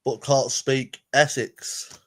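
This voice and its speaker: A man's voice: mid-range voice, flat delivery, takes it slowly. Chatty man hosting a reaction stream. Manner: chatty, addresses viewers as "people". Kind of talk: casual reaction commentary.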